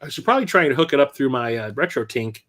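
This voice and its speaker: A man hosting a casual livestream, rambling and correcting himself as he talks, quick to laugh. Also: mid-range voice, expressive, a bit bright. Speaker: livestream host. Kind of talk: casual livestream chat about his game collection.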